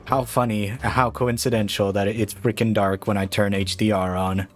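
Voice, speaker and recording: A man playing a horror game and talking through it casually, with slow, drawn-out remarks that jump to startled shouts and curses. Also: fairly low pitch, flat delivery, a little hiss or hum. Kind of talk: casual let's-play commentary.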